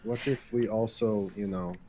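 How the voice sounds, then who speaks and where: A man player in a tabletop game, speaking haltingly and searching for words. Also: on the low side, steady tone, warm tone.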